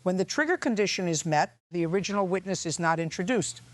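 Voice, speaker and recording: The narrator puts on a tired man on the witness stand who chooses every word with care. His delivery is grave and unhurried. The sound is dry and close. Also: high voice, animated, dry recording. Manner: measured, deliberate. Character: weary man, a witness with a grim secret.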